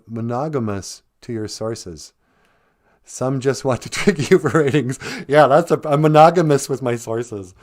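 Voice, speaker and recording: A man's voice: medium pitch, darkish tone. A man hosting a casual livestream, reading out viewer comments and rambling with jokes, frequent laughs and affectionate asides. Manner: giggly, rambling, jokey, calls people sweetie.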